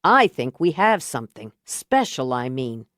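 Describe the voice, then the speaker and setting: A woman's voice: extremely low pitch, very animated, a little slow, a bit bright, no echo, studio quality, pitched below the performer's own voice, heavily acted. A woman voicing an earnest, stubborn man who pleads and swears to protect his girlfriend, as an audiobook character. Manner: pleading, then blunt and angry.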